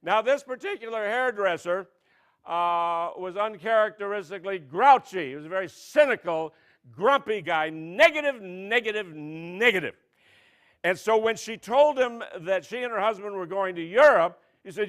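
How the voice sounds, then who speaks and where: A man emceeing a comedy spelling bee, telling jokes and announcing mock quiz words in a deadpan way. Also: high voice, normal speed, clean tone. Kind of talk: stand-up comedy routine. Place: stage at a press club event.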